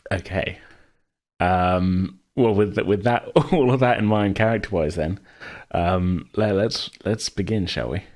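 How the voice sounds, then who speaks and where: A man acting as game master, relaxed and easygoing, with filler words as he moves things along. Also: low-pitched, measured pace. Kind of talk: casual game chat.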